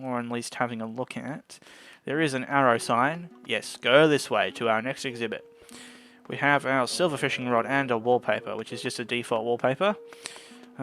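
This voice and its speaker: A man's voice: mid-range voice, fairly bright tone. A man giving casual gameplay commentary into a desk microphone, chatty and often tripping over his words. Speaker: gameplay video host. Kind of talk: casual let's-play commentary.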